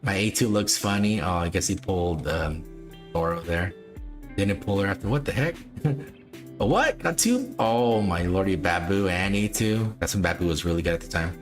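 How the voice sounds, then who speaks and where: A man's voice: low voice, moderate pace, faint music behind. A man hosting a livestream, chatting casually and repetitively with frequent chuckles. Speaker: livestream host.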